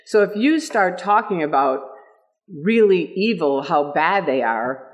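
An older woman giving an animated storytelling talk at an event, laughing often and acting out the people she quotes. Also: lowish voice, unhurried. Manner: lively, laughs often, acts out quoted voices. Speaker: speaker at an event. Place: meeting room with audience.

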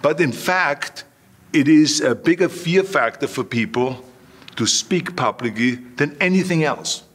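A man's voice: on the high side, lively intonation, unhurried, fairly bright tone, breathy edge. Older man telling stories. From Austria. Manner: anecdotal, repeats himself, acts out quoted voices. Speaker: interview guest. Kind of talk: storytelling in an interview.

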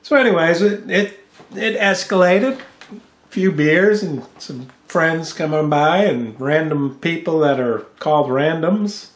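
A man's voice: on the high side, a little slow, echoey room. A man ranting angrily in a profane home vlog, cursing and mocking someone as he talks into a studio microphone. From United States. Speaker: vlogger. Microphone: studio microphone with mixing board.

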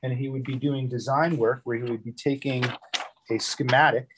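A man's voice: mid-range voice, fairly even intonation, normal speed, background noise. A man guiding a live virtual tour through a microphone factory, explaining technical details casually with frequent fillers and check-ins.

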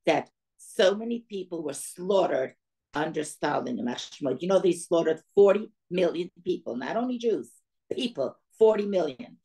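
A woman's voice: on the low side, vocal fry. Older woman telling her life story. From Soviet Union. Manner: lively storyteller who acts out quoted dialogue. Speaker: guest speaker. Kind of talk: storytelling talk to a women's audience.

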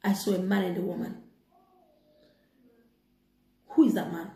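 A woman's voice: on the low side, fairly even intonation, fast, mellow, lightly acted. A woman voicing a suspicious husband back home, blunt and demanding. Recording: echoey room.

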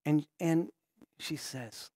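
A male pastor telling a story in a sermon in a conversational way, stopping and restarting his sentences and often dropping to a hushed voice. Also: on the high side, slow, dry recording, studio quality.

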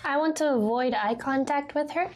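A woman's voice: sits high, normal speed. A woman playing a tabletop game, casual and offhand, laughing between lines. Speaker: player.

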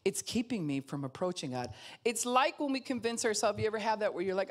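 A woman pastor preaching a sermon in an animated way, acting out other people's voices and laughing often. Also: mid-range voice, fast talker.

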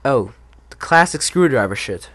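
A man hosting a gaming channel, giving casual, rambling commentary on a game in a profane, excitable way. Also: mid-range voice, normal speed, no room sound.

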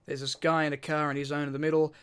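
A man with an Australian accent chats on a podcast, spinning out a long story in loose, repetitive bursts. His voice sits a bit high and sounds bright and forceful, and he swears as easily as he breathes. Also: flat delivery, racing, clear, resonant tone. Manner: rambling, repeats words, swears casually. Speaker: podcast co-host. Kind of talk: casual chat, telling a story.

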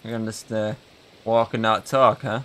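Gameplay commentary, casual, joking asides, middle pitch. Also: flat delivery, normal speed, a bit bright. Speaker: gameplay channel host.

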